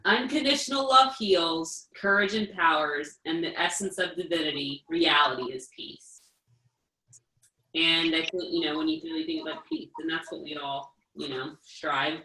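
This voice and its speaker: Casting note: woman, lowish bright voice, reads a passage then muses on it, echoey room. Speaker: group member reading aloud. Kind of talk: casual group discussion.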